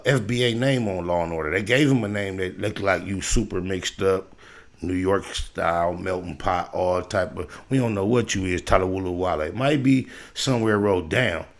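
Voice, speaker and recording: Male streamer, gravelly low voice, casual reaction commentary, animated and preachy. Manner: animated, preachy, swings from loud hype to low lecturing. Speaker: livestream host reacting to a video.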